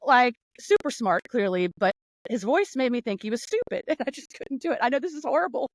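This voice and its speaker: Animated woman from North Carolina. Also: on the high side, brisk, no echo, low-quality recording. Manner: animated, laughing, rambling storytelling. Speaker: guest. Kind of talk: casual conversational interview. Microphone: video call.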